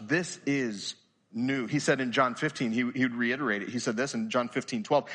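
A man preaching a sermon in a church, earnest and searching, often dropping to a quiet, intense tone. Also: mid-range voice, animated, normal speed, breathy edge. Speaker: pastor.

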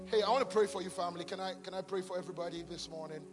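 A pastor leading a sermon altar call and prayer in a large church, fervent and repeating blessings over and over. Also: male voice, sits high, fairly even intonation, rapid-fire, hardly any pauses. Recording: long church reverb with music behind.

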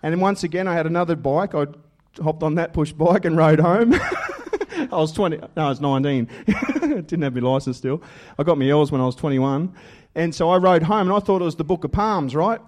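Aussie guy preaching his testimony, kinda high voice, laughs a lot, acts out the quotes loud. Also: fairly quick. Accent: Australian. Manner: animated storytelling with laughs and loud acted quotes. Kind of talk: testimony sermon.

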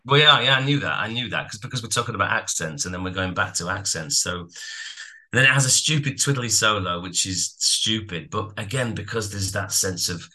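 A man co-hosting a casual music podcast, telling stories in a rambling, animated way. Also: lowish voice, brisk. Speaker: podcast co-host. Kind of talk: casual chat about music.

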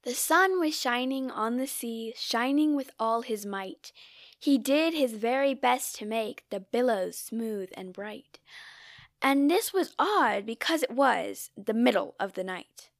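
Gravelly-voiced woman reciting a poem. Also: a little high, animated, no room sound, clean studio sound. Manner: measured, theatrical reading with sudden drops to a whisper. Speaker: poetry reader. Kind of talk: poetry recitation.

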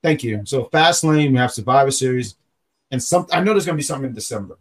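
A man's voice: mid-range voice, lively intonation, quick pace. A man hosting a podcast in casual, rambling chat, often stopping to correct himself. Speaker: podcast host.

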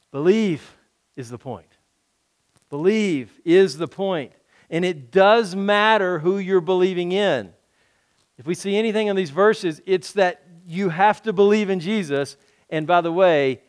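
A man preaching a conversational sermon, earnest and explanatory, posing rhetorical questions to his listeners. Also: a little high. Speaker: pastor.

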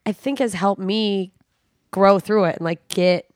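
A young woman, a comedian guest, talking candidly on a podcast in a blunt, profane, lively way. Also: mid-range voice, a little slow, no echo, studio quality.

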